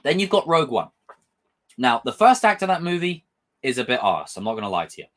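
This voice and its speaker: Brief: young man, fired-up profane reviewer, pitch swinging up and down. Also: a little fast. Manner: animated, rambling, passionate and profane. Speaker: film and TV reviewer. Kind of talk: casual review vlog.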